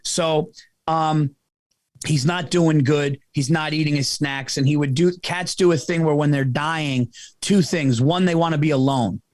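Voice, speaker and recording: A man sits in as a podcast guest and tells a long story in easy, casual talk. His voice runs somewhat high and sounds dry and close. He swears freely, gets animated, and keeps calling his listener "dude". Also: measured pace, no room sound.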